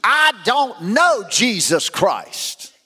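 A man voicing a scared, defensive man who denies everything, his voice high and rising. The sound carries through a large hall with a long tail of reverb. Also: big pitch swings, drawn-out words, pushed and bright, breathy edge, exaggerated voice. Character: frightened man denying loudly, defensive.

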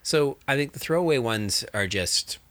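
A man chatting casually as a game master, animated and rambling, with many fillers. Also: medium pitch, moderate pace, a little hiss or hum. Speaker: game master, podcast co-host. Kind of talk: casual chat.

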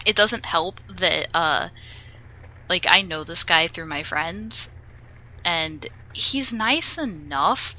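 A young woman co-hosting a casual podcast, telling an animated, swear-filled story about her tabletop group. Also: on the low side, highs cut off. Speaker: podcast co-host.

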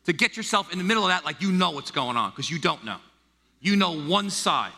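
A middle-aged American man preaching a sermon, animated and acting out the voices he quotes. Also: high-pitched, fairly quick, vocal fry. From United States. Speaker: pastor. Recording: long hall reverb.

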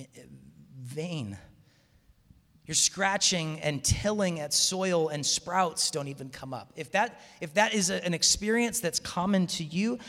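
Casting note: man, high voice, animated storyteller giving a casual sermon to a live audience, long hall reverb. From Seattle area, USA. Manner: animated storytelling, frequent restarts. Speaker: campus minister speaking to students. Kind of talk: conversational sermon talk.

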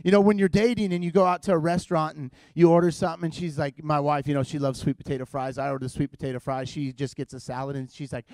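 A man's voice: on the high side, little pitch movement, fast, few pauses, darkish tone, dry recording. A man preaching as a guest in church, opening with playful, teasing, self-mocking humor to a live congregation.

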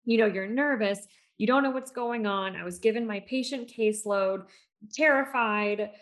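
A woman speaking as a podcast guest and speech therapist, telling stories in an animated way with many fillers and restarts. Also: on the high side, normal speed. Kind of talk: conversational storytelling.

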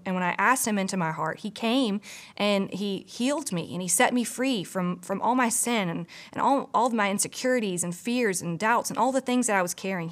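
A woman from a church staff giving a casual, earnest devotional, full of "you know" asides. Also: mid-range voice. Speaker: church pastor or staff member. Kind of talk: conversational devotional teaching.

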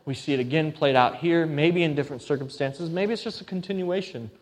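A man preaching from the pulpit, his voice sitting a little high for a man. He moves between earnest, pleading scripture reading and casual asides to the congregation. The sound carries a long, ringing reverb from the church hall. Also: a little fast. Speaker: pastor. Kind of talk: sermon.

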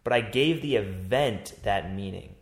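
A man hosting a casual talk, telling stories in an animated, rambling way and acting out his own thoughts. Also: lowish voice, a little slow. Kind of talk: casual chat. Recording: roomy echo.

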